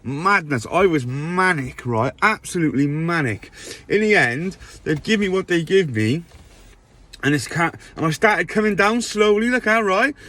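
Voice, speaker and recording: A man's voice: on the high side, animated, moderate pace, pushed and bright. A man telling a rambling storytime monologue, often checking in with his listener. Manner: rambling, checks in with "right?" tags.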